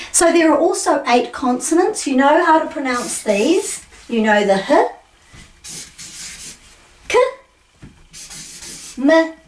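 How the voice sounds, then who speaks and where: A woman teaching pronunciation, slowing down to sound out letters and syllables with care. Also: sits high, darkish tone. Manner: slow careful demonstrations of sounds. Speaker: language teacher. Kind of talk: pronunciation lesson. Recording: echoey room, voice from a distance.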